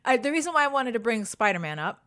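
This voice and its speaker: A woman's voice: fairly high pitch, big pitch swings, fast talker, fairly bright tone. Enthusiastic woman podcast co-host. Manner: enthusiastic, emphatic, swears. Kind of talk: casual chat. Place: home, live-streamed podcast.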